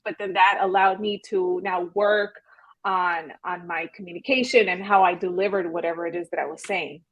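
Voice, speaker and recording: A woman's voice: lowish voice, steady tone, fairly bright tone, muffled recording. A young adult woman, a real estate agent, talking candidly and earnestly as a podcast guest. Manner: earnest, candid, talks fast. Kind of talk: podcast interview.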